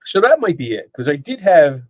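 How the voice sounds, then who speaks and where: A man's voice: on the high side, very animated, moderate pace, a little mellow, dry recording, dull audio. A man hosting a live stream from a home studio, chatting casually and reading comments aloud, often laughing and rambling. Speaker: podcast host. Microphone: dynamic microphone.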